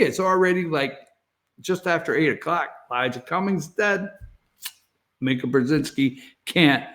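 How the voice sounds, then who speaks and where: A sarcastic man with a slightly higher-pitched voice hosts a morning opinion show. He talks straight into the studio camera and laughs at his own remarks. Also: measured pace, a bit bright. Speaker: talk show host. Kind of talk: opinion talk show monologue.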